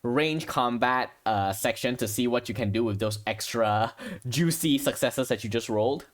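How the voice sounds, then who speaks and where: Steady game master explaining rules. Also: male voice, mid-range voice, normal speed. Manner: steady, explains rules, restarts mid-phrase. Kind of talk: narrating a tabletop game.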